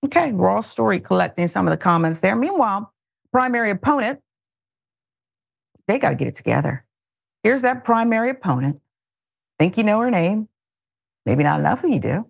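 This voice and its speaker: A woman's voice: lowish voice, moderate pace, gravelly, no room sound, clean studio sound. A woman hosting a news talk show, giving opinionated and sarcastic commentary. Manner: animated, exasperated, sarcastic. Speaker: host.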